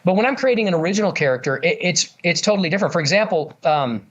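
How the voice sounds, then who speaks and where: Here the ventriloquist talks rapid-fire, his voice sitting high, expressive and fairly bright. He's an eager interview guest, spinning stories in casual chat with plenty of fillers.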